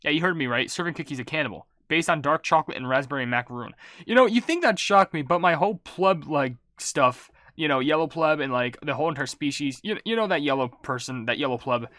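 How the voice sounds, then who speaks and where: Man, gaming YouTuber, rambling casual commentary, relaxed, just woke up, bright tone. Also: on the high side, quick pace, dry recording, clean studio sound. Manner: rambling, self-mocking, swaps swear words for silly substitutes; relaxed and laid-back.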